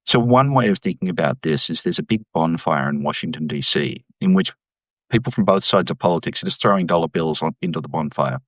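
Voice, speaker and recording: A man, an economics professor, explaining policy in an interview with an emphatic, animated delivery. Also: sits low, fairly quick, no echo. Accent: Australian. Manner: animated, emphatic, mimics voices when quoting.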